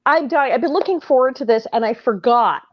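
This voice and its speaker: A giddy, effusive woman speaks as the guest from her living room. Her voice is fairly high and swoops a lot. It comes through a slightly muffled video call. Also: expressive, fairly quick. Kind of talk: casual chat.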